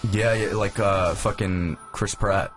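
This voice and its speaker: Young guy talking over a game, kinda low voice, opinionated, swears a lot, faint game music behind. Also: fairly even intonation, slow, fairly bright tone. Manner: opinionated, talkative, swears freely. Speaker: gamer host. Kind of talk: casual chat while playing a game.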